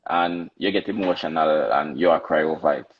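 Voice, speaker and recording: A man's voice: a bass voice, fairly quick, muffled recording, slight background noise. A man with a Jamaican accent in casual podcast debate, emphatic and repetitive, lecturing his co-hosts. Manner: emphatic, repeats himself, lectures. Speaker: podcast co-host.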